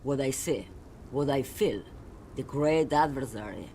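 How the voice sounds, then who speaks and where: A man voicing a weary, detached woman truck driver, talking in an unhurried, dreamy, aloof way. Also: medium pitch, animated, warm tone, slight background noise.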